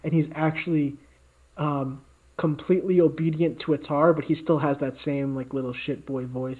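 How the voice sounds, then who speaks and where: A man's voice: on the high side, steady tone, normal speed. A man co-hosting a podcast, telling a made-up story in casual chat with lots of fillers and restarts. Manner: rambling, many fillers and restarts. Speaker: podcast co-host. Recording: tinny phone-like audio.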